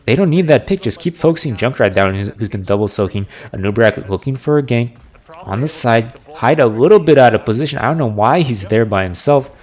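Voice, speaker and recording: A male esports caster calling a match live, breaking down plays in quick analytical commentary. His voice sits in an ordinary middle pitch and jumps up with excitement when a fight breaks out.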